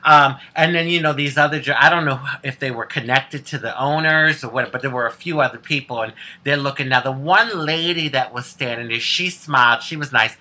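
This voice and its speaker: Sassy woman with a sharp voice. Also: a bass voice, brisk, few pauses. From United States. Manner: sassy, candid, laughs often. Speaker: vlogger. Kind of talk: casual storytelling to camera.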